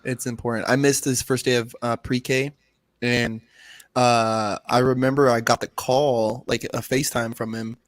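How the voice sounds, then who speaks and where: A man's voice: medium pitch, level tone, measured pace, dry recording. Dry-voiced man telling stories on a podcast. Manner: profane, rambling, heartfelt storytelling. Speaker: podcast co-host. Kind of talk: casual chat.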